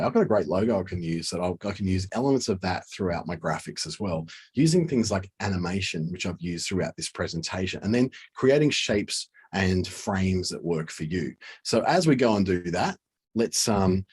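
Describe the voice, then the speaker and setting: Low husky man talking through a screen tutorial. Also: darkish tone. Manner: casual, thinking aloud while clicking. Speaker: design tutor. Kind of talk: screen-share software tutorial.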